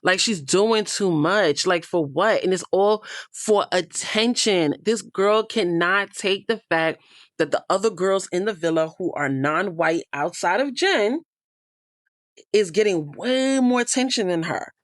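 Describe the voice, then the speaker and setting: A woman's voice: lowish voice, measured pace, no echo, studio quality. A woman hosting a casual show recap, blunt and opinionated, cursing freely as she comments. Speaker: reality show recap host.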